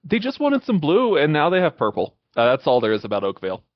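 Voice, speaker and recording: A man's voice: fairly high pitch, huge pitch swings, quick pace, no echo, muffled recording. A man co-hosting a lore meeting, chatting casually in an offhand, joking way. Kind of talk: casual chat.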